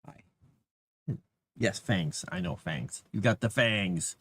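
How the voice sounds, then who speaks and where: A man's voice: deep voice, slow, fairly bright tone, breathy edge. A man rambling casually on a livestream, chatting to his cat between thoughts.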